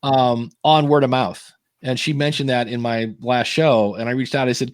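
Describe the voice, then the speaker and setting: A man's voice: mid-range voice, fairly even intonation, normal speed, no room sound, studio quality. A man co-hosting a live podcast in casual chat, rambling and joking as he reads out viewer questions. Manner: rambling, jokey, self-interrupting. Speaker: podcast co-host.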